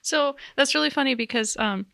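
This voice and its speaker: A woman with a high, slightly quick voice that's creaky, pushed and bright co-hosts a podcast, chatting casually and laughing a lot. The studio recording is clean, with no room sound.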